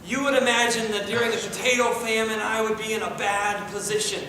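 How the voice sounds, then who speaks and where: A man's voice: high-pitched, fairly even intonation, fairly quick, bright, forceful tone, a little hiss or hum. A man playing a pompous, wordy plastic potato toy in an improv comedy scene, telling his story in a formal, long-winded way. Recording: echoey room from far off, live stage.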